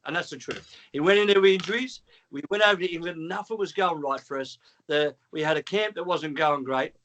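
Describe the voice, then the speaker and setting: Animated man telling a story. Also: a little high, a little fast, muffled recording. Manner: animated, swearing, acts out dialogue. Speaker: former trainer, guest caller. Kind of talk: storytelling on a call.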